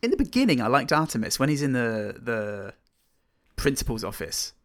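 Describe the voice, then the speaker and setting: A man's voice: mid-range voice, very animated, moderate pace. A man co-hosting a film podcast, dry and sarcastic, swearing for laughs in casual chat. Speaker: podcast co-host reviewing films.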